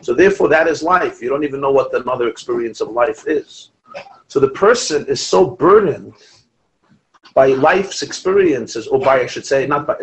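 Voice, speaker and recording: Animated man teaching a Torah class. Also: medium pitch, poor audio. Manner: animated, quotes Hebrew and Aramaic texts, asides and restarts.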